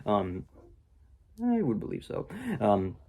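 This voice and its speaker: Rambling young man with lively pitch. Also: takes it slowly. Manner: rambling, filler-heavy, with mocking quoted voices. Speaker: movie reviewer. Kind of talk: casual spoken movie review.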